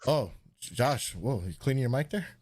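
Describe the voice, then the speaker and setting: A man in the middle of a laid-back live stream, telling a long story in a casual, rambling way. He swears freely and jumps his voice up high when he acts out what other people said. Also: moderate pace, slightly rough. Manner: animated, swearing, acts out quotes in a raised voice. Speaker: host.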